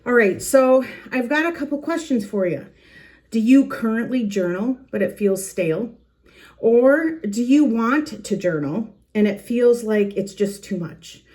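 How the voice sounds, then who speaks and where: A middle-aged woman with a fairly high, mellow-tinged voice and lively intonation hosts her own journaling channel from her planner room at home. Speaking unhurriedly and a little out of breath to the camera facing her, she's earnest and chatty, with small laughs and restarts in this casual, heartfelt talk.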